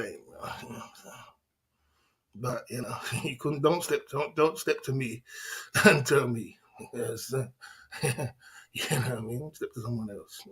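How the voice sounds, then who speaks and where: This livestream host's husky voice is fairly high-pitched with a fairly bright tone. Defiant and boastful, he rambles through a casual chat, frequently laughing and asking "you know what I mean".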